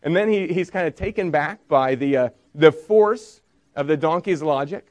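A man's voice: a little high, moderate pace, darkish tone. A man preaching a sermon, retelling a story with rhetorical questions and briefly acting out its speakers. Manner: storytelling with frequent rhetorical "right?"; acts out quoted voices in retelling. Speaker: pastor.

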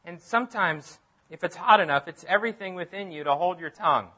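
A man preaching a sermon as pastor, emphatic, repeating phrases and swinging from loud declarations to near-quiet asides. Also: high-pitched, animated, brisk, breathy edge.

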